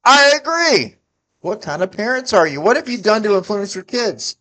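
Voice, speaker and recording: A man's voice: sits high, lively intonation, fairly quick, a bit bright. A man in his forties ranting about politics, heated and profane, scolding his listeners. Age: 40s. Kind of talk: angry political rant to camera.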